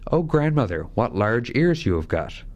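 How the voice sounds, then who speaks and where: A man's voice: mid-range voice, very animated, moderate pace, darkish tone, lo-fi sound, lightly acted. A man reading a fairy tale aloud, voicing an innocent, polite young girl who speaks earnestly and trustingly. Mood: wondering.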